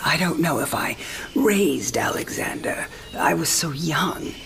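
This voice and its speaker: An actress playing a frail, dying elderly mother, speaking softly in a breathy half-whisper. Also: deep voice, animated, measured pace, exaggerated voice. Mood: tender. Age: older. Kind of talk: game cinematic acting.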